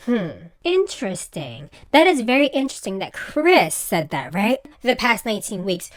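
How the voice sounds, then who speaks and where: A woman giving a casual, exasperated recap rant about a reality show, acting out the people she quotes in mock voices. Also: on the high side. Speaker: reality TV commentator.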